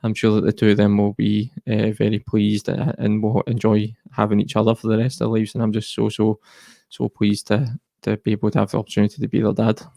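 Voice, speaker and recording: A man's voice: on the low side, completely flat delivery, a little fast, gravelly, mellow, no room sound. A Scottish man speaking as an interview guest, earnest and reflective. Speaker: guest, mental health charity co-founder. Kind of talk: personal interview talk.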